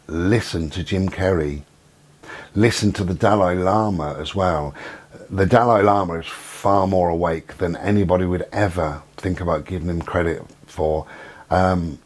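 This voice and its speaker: A man hosting his own channel, giving a rambling, conspiratorial monologue with many pauses and fillers. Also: sits low, darkish tone. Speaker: channel host.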